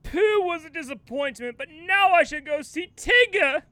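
A woman's voice: extremely high pitch, expressive, moderate pace, bright, forceful tone, no echo, pitched above the performer's own voice, exaggerated voice. A woman playing an overdramatic male actor in an improvised comedy bit, wailing every line with tearful, theatrical melodrama. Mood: melodramatic. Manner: wailing, over-the-top melodrama.

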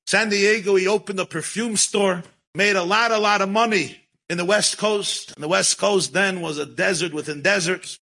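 Man, storytelling talk, animated, husky, slightly high voice. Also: moderate pace, rough recording. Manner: animated, mixes Yiddish and Hebrew words into English. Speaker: rabbi and storyteller.

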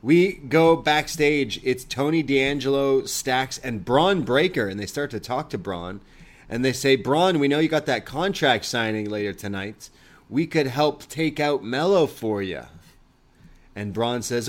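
A man's voice: medium pitch, moderate pace. A man co-hosting a wrestling review show, recapping scenes in casual chat and quoting the wrestlers' lines. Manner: recounts scenes, quoting lines in put-on voices.

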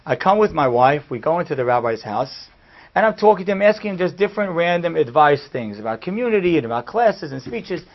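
A man giving a storytelling sermon, animated and acting out the people he quotes, in a dull lo-fi recording. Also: fairly high pitch, brisk. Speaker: speaker giving a talk.

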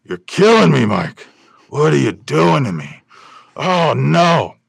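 A man imitating a famous older film actor, with theatrical, drawn-out exclamations about a sound mix. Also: on the high side, very animated, gravelly, husky, no echo, pitched above the performer's own voice, heavily acted. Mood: anguished.

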